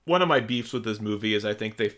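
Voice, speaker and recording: A man's voice: lowish voice, animated, fast, a bit bright. A man co-hosting a podcast, chatting casually about a movie and laughing often. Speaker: podcast co-host. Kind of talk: casual movie review chat.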